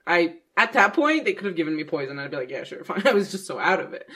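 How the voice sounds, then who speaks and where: A young woman with a low-pitched voice tells a story in a casual podcast chat. She rambles animatedly and breaks into laughter often. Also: animated, quick pace, hardly any pauses, a bit bright, husky. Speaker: podcast co-host.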